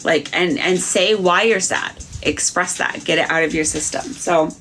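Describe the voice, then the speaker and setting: A woman's voice: on the low side, normal speed, a bit bright, faint music behind. A woman doing psychic readings on a live stream, talking frankly to viewers in a chatty way with many fillers.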